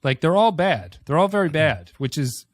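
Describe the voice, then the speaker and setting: A man's voice: on the high side, sing-song, moderate pace, no room sound. A man co-hosting a podcast in a casual review chat, questioning and analytical. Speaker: podcast co-host.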